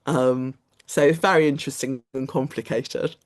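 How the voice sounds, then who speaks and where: A woman's voice: very deep voice, a little slow. Chatty woman lecturing. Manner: chatty, animated storytelling with quoted voices and restarts. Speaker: guest lecturer. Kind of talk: lecture to a study group.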